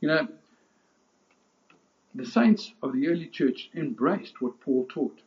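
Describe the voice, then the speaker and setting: A man's voice: a little high, lively intonation, takes it slowly. Impassioned male preacher, lo-fi recording. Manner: impassioned preaching with rising emphasis and frequent restarts. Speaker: pastor. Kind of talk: sermon.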